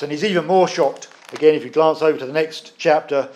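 A man preaching a sermon, earnest and emphatic, with measured pauses. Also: on the high side, fairly even intonation, darkish tone.

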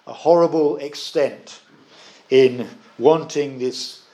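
A man preaching a sermon, earnest and emphatic, with measured pauses. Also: medium pitch, fairly even intonation, dark tone.

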